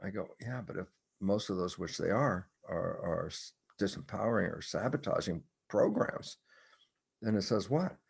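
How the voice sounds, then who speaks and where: Gravelly older man, animated storyteller. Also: normal speed. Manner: animated storytelling, acts out his own dialogue with sudden high bursts. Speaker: guest, cell biologist. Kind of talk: conversational explanation in a podcast interview.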